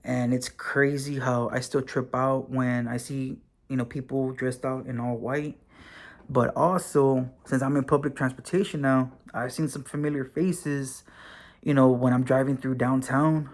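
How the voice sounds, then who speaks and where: A man recording a vlog, telling a personal story casually with many fillers and the odd swear word. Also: mid-range voice. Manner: relaxed and conversational, with frequent fillers and occasional swearing. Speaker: vlogger and former correctional officer, now bus driver.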